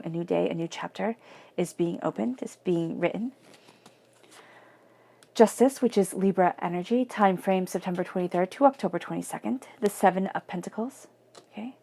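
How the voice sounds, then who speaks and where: A woman giving a chatty, emphatic tarot reading and murmuring her invocations softly. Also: on the low side, creaky. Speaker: tarot reader. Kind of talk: casual tarot reading monologue.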